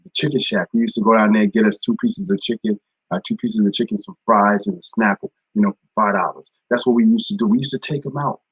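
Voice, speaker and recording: A man's voice: lowish voice, expressive, quick pace, husky, no room sound, lo-fi sound. A man giving a casual spoken devotional, repeating phrases and greeting viewers by name. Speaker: ministry speaker. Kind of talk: live-streamed devotional talk.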